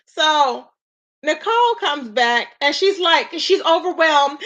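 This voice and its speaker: Sassy high-voiced woman streamer. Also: expressive, a little slow, a bit bright. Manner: sassy, exasperated, rhetorical, greets chat viewers with endearments. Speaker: live stream host. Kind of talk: live stream commentary. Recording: dull lo-fi stream audio.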